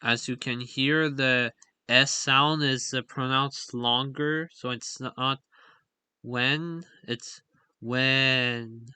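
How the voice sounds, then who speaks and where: A man's voice: medium pitch, fairly even intonation, slow, bright, forceful tone, smooth, no room sound. A man explaining a language's stress patterns in a casual, hesitant way, full of fillers and self-corrections. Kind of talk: casual explainer with on-screen examples.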